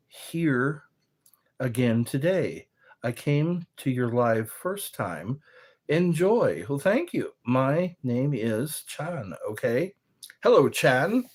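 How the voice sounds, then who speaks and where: A man hosting a casual livestream, reading viewer comments aloud and joking between them in a slow, drawn-out way. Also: medium pitch. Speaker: livestream host.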